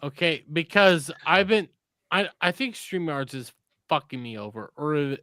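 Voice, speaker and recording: A man's voice: fairly high pitch, expressive, measured pace, bright, forceful tone, no echo. A man hosting a casual live-stream chat who reads viewer donation messages aloud and swears casually. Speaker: show host.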